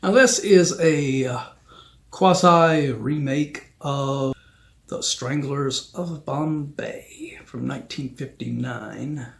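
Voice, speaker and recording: A man hosting a film review channel, talking through a review in a slow, rambling way with many ums. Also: mid-range voice, creaky.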